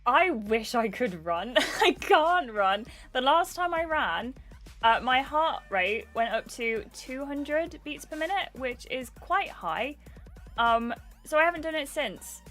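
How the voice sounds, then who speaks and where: A woman's voice: high-pitched, lively intonation, takes it slowly, a bit bright, faint music behind. A young adult woman livestreaming a game, chatting casually and greeting viewers by name. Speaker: gaming livestreamer.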